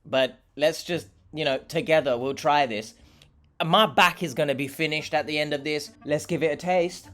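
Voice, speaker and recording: A man's voice: on the high side, moderate pace, a bit bright. A young man, a vlogger, chatting casually and sarcastically while eating, rambling and talking with his mouth full.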